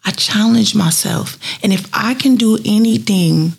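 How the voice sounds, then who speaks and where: Unhurried and medium-pitched, her voice has vocal fry and is slightly rough. She's a street cleaning supervisor in her fifties, telling heartfelt, earnest stories from her job in a personal profile interview, with lively retold dialogue.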